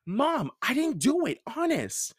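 A man's voice: extremely high pitch, wildly swooping pitch, slow pace, slightly rough, no room sound, clean studio sound, pitched above the performer's own voice, exaggerated voice. A man doing an anxious, pleading young boy. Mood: worried. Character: worried, defensive young boy.

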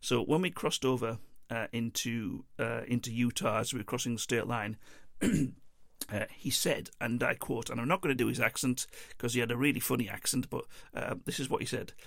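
A man's voice: medium pitch, normal speed, creaky, a bit bright, no room sound, studio quality. A man telling a travel story in a casual, meandering monologue, chuckling and interrupting himself as he goes.

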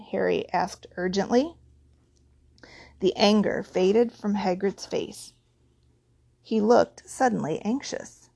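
A woman reading a storybook aloud in measured scripted narration, close to the mic. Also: medium pitch, fairly even intonation, vocal fry, mellow, no room sound. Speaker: audiobook narrator.

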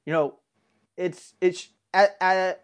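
A man's voice: sits high, fairly even intonation, slow, clean tone. A man co-hosting a casual political discussion, talking earnestly and rambling with frequent restarts. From United States. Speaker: political commentary co-host.

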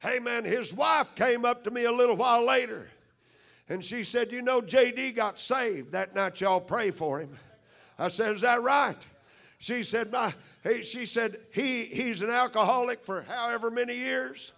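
A man's voice: very high voice, moderate pace, creaky, a bit bright. A middle-aged man preaching a sermon, fervent and peppering his lines with amens. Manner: fervent, punctuated with frequent amens. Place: church service.

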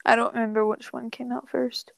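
A woman's voice: a little high, level tone, a little fast, creaky, dry recording. A young woman co-hosting a podcast, bantering and teasing with frequent swearing. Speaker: podcast co-host. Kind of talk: casual chat.

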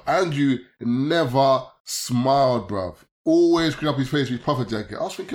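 A man in his thirties with a London accent, a podcast guest chatting casually in slang-heavy banter that turns loud and animated when he tells stories. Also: mid-range voice, brisk, few pauses.

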